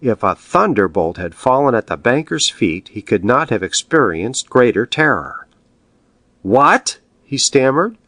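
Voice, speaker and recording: A man narrating an audiobook in an expressive storytelling manner. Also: on the low side, moderate pace, few pauses, no echo. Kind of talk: scripted narration.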